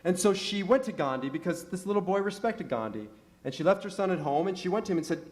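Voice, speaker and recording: A man's voice: high-pitched, lively intonation, fast, darkish tone. A middle-aged man, a rabbi, preaching a sermon in a synagogue, telling stories and asking rhetorical questions with rising emphasis. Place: synagogue sanctuary.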